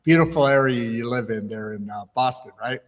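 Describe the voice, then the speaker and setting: A man's voice: medium pitch, a little fast, big-room sound. A man hosting a livestream interview, chatty and rambling, often restarting his sentences. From United States. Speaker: host.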